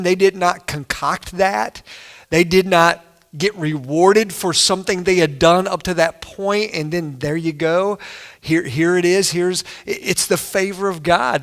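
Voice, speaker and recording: Male pastor, slightly high voice, Kentucky accent, congested, chatty and enthusiastic sermon delivery. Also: a bit bright. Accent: Northern Kentucky. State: congested from a sinus infection. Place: church service.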